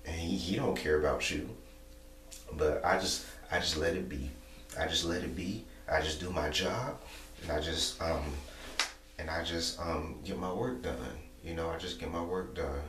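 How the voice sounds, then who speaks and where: A young man talking casually to camera, repeating himself and filling pauses with "you know". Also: sits low, fairly even intonation, fairly bright tone. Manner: repetitive, rambling, many "you know" fillers. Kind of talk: casual monologue vlog. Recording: echoey room, distant mic, faint hum.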